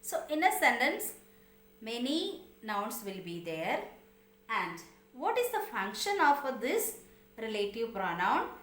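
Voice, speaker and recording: Female grammar teacher, slow and patient, lively intonation, echoey room. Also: fairly high pitch. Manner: patient, asks students questions, repeats examples; non-native English phrasing. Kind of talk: online grammar lesson.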